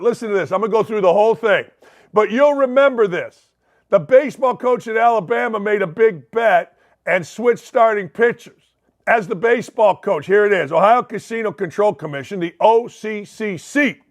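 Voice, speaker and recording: An older man with a Northwest Indiana, Chicagoland accent, hosting a sports talk show in a blunt, rambling monologue full of folksy asides. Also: high voice. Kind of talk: opinionated monologue.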